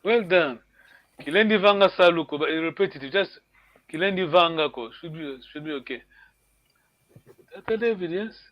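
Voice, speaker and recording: A man's voice: on the high side, lively intonation, normal speed, pauses often, dry recording, muffled recording. A man teaching a language class online, correcting students patiently and encouraging them.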